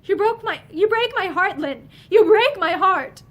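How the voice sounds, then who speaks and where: A woman's voice: very high-pitched, moderate pace, muffled recording, voice pushed up. A woman reading the part of a desperate young woman who pleads passionately with her lover, close to tears. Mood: desperate, pleading.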